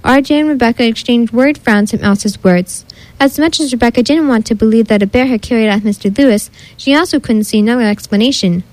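Woman storyteller, children's story, steady expressive reading, slightly high voice, dry close sound. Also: a little fast, no room sound, rough recording.

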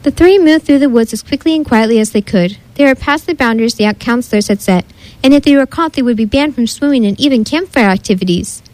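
A woman narrating a children's story in a steady, expressive read-aloud style. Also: on the high side, fast, no room sound, rough recording.

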